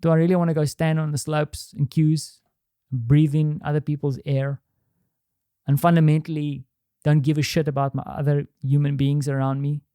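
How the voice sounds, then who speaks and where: Candid rambling man, dark dry voice. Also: on the high side, little pitch movement, normal speed, clean tone, no echo. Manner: rambling and candid, with frequent restarts and swearing. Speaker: podcast host. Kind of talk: reflective solo monologue. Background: quiet home.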